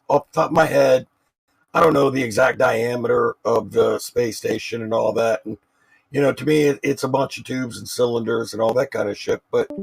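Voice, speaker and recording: Man from Washington D.C., gravelly fry, husky, crude teasing, dry voice chat. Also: mid-range voice, no echo, rough recording. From Southeast Washington D.C. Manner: crude, teasing, then lengthy questioning. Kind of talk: casual profane debate chat.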